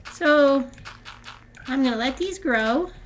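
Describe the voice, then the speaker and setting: A woman's voice: sits high, lively intonation, takes it slowly, a little hiss or hum. An older woman hosting a gaming channel, chatting casually through her gameplay with frequent laughs and rambling restarts.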